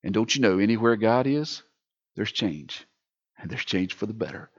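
A man preaching a sermon as pastor, swinging between loud emphatic lines and quiet near-whispered ones. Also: fairly low pitch, animated, normal speed, muffled recording.

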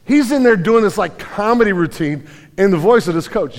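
A middle-aged man preaches a sermon in a folksy, storytelling way, often restarting his sentences. His voice sits fairly high for a man. A long reverb from a large church hall trails behind every phrase. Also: animated, normal speed. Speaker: pastor.

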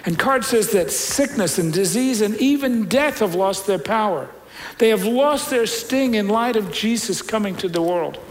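A man preaching a sermon as a pastor, retelling scripture in a conversational, storytelling way with loud peaks and quiet stretches. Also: high voice, animated, normal speed, slight background noise, rough recording.

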